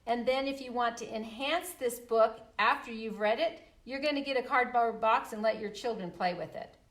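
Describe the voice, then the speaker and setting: An older woman talks to parents about reading with young children in a warm, encouraging way, often pausing on an um. Her voice sits a little high. She is recorded from some distance, and the room adds a noticeable echo. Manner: friendly and encouraging, with frequent ums. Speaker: early literacy presenter. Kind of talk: talk to parents on shared reading. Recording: echoey room, away from the mic.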